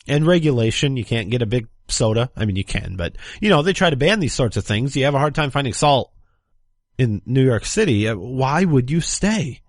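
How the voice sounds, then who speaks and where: A man's voice: mid-range voice, lively intonation, normal speed, no echo, studio quality. A man hosting a political commentary show, talking sarcastically and mocking his opponents. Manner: sarcastic, mocks opponents in put-on quotes. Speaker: talk show host.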